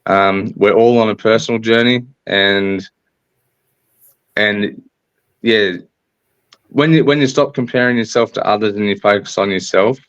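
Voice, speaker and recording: A man's voice: fairly low pitch, fairly even intonation, measured pace, pauses often, fairly bright tone, clean tone, no room sound. An Australian man talking as a podcast guest over a recorded online call, sharing motivational messages in an earnest, upbeat way. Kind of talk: casual interview talk. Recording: dull lo-fi call audio.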